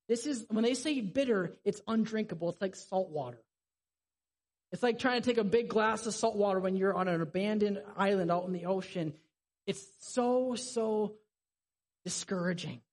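A preacher giving a sermon in a conversational, vivid storytelling way. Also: medium pitch.

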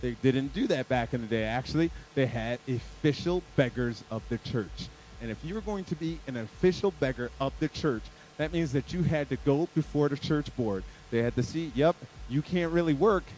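A man preaching a sermon as a guest speaker at a church service, animated and playful, moving from loud emphatic bursts to quiet, earnest stretches. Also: mid-range voice, poor audio.

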